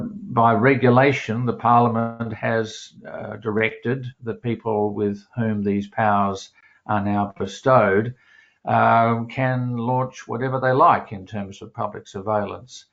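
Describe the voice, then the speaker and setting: A man giving an academic talk as a guest speaker, measured and full of fillers and restarts. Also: on the low side, vocal fry. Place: home office in Melbourne. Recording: dull lo-fi video call audio.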